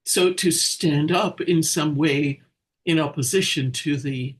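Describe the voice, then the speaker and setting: A man's voice: on the high side, slow pace. A man co-hosting a casual spiritual discussion, talking in a thoughtful, hesitant way.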